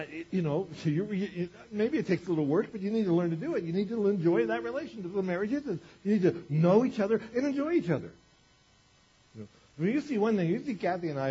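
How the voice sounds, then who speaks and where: A man's voice: sits high, dark tone, slightly rough, dull audio. A man preaching a sermon to a congregation in a church, talking in a conversational way with lots of "you know" asides, asking the room questions and teasing them. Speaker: pastor.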